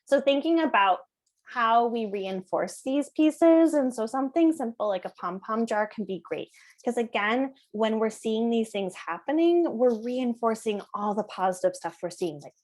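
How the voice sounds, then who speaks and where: A woman's voice: medium pitch, normal speed, a little mellow. Conversational woman teaching parents. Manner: conversational, often asks "right?", acts out parent and child voices. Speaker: parenting educator. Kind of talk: presentation to parents.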